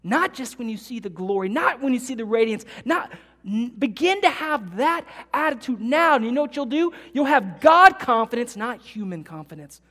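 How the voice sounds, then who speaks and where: A woman's voice: a little high, sing-song, moderate pace. Earnest woman pastor in a reverberant hall. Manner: earnest, builds to loud emphatic bursts when quoting scripture. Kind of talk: sermon. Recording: long reverb of a large hall.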